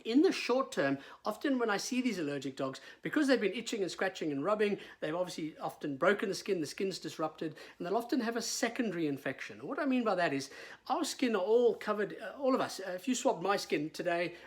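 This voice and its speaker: A man's voice: high voice, animated, brisk. A middle-aged man, a veterinarian explaining in casual talk, with frequent fillers and repeated words.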